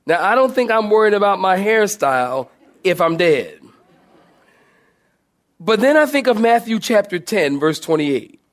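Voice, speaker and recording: High-voiced pastor telling a lively story. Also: male voice, a little slow, pauses often. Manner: storytelling, animated and humorous; southern-style "y'all" to congregation. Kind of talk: sermon.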